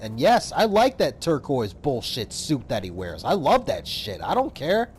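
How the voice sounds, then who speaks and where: A man giving casual, rambling gameplay commentary, excitable and full of profanity. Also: medium pitch, a little slow, slight background noise. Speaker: gaming YouTuber.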